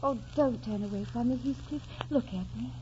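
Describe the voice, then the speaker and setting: A woman's voice: on the high side, moderate pace, a little hiss or hum, close to an everyday voice. A woman playing wild young Kathy, breathless. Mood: romantic. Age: young adult. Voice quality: bright, breathless and impetuous. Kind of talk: 1940s radio acting. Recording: dull lo-fi 1940s radio recording.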